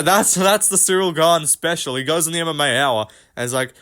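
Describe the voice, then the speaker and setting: A young man hosting a fight commentary video, ranting fast and brashly with plenty of swearing and slang. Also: a little high, pushed and bright, smooth. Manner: profane, rapid, brash slang-heavy ranting. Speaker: host. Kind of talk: MMA commentary rant.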